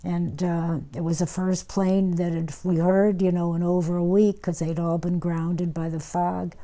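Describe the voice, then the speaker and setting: A woman, recalling wartime memories in an oral history interview, unhurried with many pauses and restarts. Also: lowish voice, little pitch movement, warm tone. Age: 90s. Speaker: war veteran interviewee.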